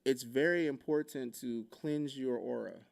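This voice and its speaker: A man's voice: medium pitch, a little slow, vocal fry, darkish tone. A man hosting a podcast, telling a story in loose, profane casual talk full of fillers. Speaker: podcast host.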